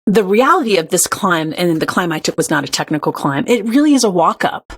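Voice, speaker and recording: A woman guest on a podcast with a slightly low voice. She tells her stories in an earnest, upbeat way and keeps the talk moving. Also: sing-song, brisk, breathy edge. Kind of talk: conversational interview.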